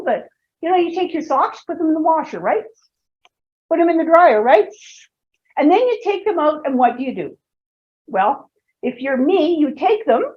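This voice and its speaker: A woman's voice: high-pitched, a little mellow. A woman in her sixties giving a humorous storytelling talk to students in a lecture hall, asking the audience questions as she goes. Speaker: speaker presenting to students. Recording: dull lo-fi recording.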